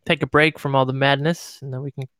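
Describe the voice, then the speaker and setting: Smooth-voiced wry radio show host. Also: mid-range voice, flat delivery, quick pace, a bit bright, no room sound. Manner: loose, wry, playful. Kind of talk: casual chat.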